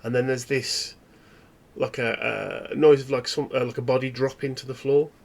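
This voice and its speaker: A man narrating a tabletop horror game as its game master. His description is loose and meandering. His voice sits at an ordinary middle pitch. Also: level tone, moderate pace, gravelly.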